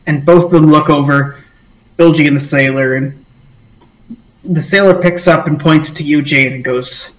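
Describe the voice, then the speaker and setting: A man's voice: fairly high pitch, fairly even intonation, moderate pace, a bit bright, roomy sound, rough recording. A man narrating as game master, rambling with many fillers.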